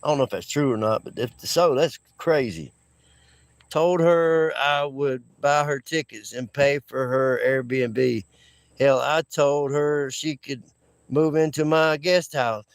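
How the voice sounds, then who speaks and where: A man's voice: medium pitch, slow, no echo. Laid-back, rambling male streamer. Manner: rambling and laid-back, laughs often, restarts sentences. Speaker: livestream host. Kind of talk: casual livestream chat with viewers.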